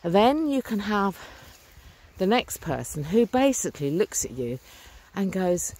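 A woman's voice: lowish voice, animated, normal speed, warm tone. A middle-aged woman talking earnestly and chattily to a handheld camera while walking outdoors by a stream. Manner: earnest, upbeat, chatty with fillers. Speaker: vlogger. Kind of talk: walking vlog, casual talk to camera. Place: outdoors on a rural lane by a stream. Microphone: phone or camera held while walking.

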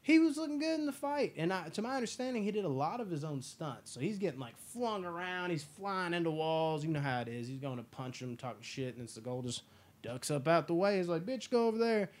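A man hosting a casual movie review chat, enthusiastic and profane, acting out scenes in quick impressions. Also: a little high, expressive. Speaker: podcast host.

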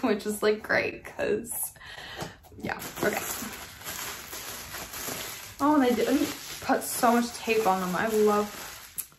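A woman hosting a casual unboxing vlog, chatty and gushing, with lots of filler words. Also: on the high side. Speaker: vlogger unboxing model horses. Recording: echoey room with faint background noise.

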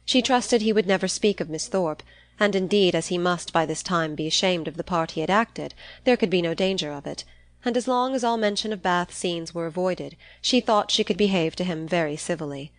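A woman narrates a classic novel in a calm, measured delivery. Her voice sits in a lower register. The sound is close and dry, with no room around it. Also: dry recording. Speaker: audiobook narrator.

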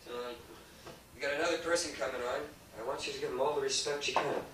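A man's voice: a little high, steady tone, fast, a crowd in the background. A man emceeing in a comedy club, doing crude, rambling, self-mocking stand-up that jumps between bits. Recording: echoey club, heard from far off, faint hiss.

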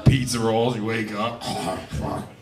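On a comedy club stage, a man in his twenties with a fairly low, animated voice delivers a profane, rambling stand-up set at an unhurried pace, often laughing at his own jokes. Captured live and far from the mic, he competes with loud music and an audience laughing.

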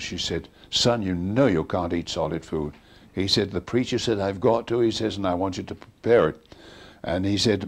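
Older male storyteller, low and husky, acts out quoted dialogue. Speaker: interviewee recounting a preacher's ministry. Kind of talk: storytelling interview.

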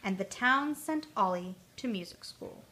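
A woman storyteller reading a children's story aloud in a gentle, expressive way. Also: medium pitch, measured pace, a little hiss or hum.

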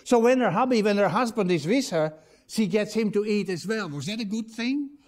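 A man's voice: high voice, animated, moderate pace. A man preaching a sermon as pastor in a church, emphatic and putting rhetorical questions to the congregation.

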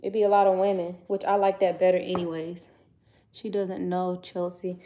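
A woman's voice: lowish voice, little pitch movement, moderate pace, warm tone, slight background noise. Chatty woman vlogging while she cooks. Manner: chatty, talks to viewers and to her kids off camera between steps; loose, slangy casual speech. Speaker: vlogger cooking for her channel. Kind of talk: casual chat while cooking. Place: home kitchen. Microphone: phone camera nearby, set down at times.

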